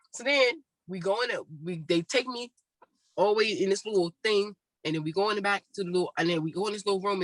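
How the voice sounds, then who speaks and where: A podcast co-host telling stories in casual, profane chat, with a sore throat after surgery. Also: female voice, mid-range voice, no echo, poor audio. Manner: profane, animated storytelling.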